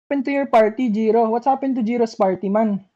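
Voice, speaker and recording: Girl shotcalling in voice chat, high voice, keeps repeating orders, fed up. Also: quick pace, mellow, lo-fi sound. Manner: repeats urgent commands, exasperated. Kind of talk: calling orders in game voice chat.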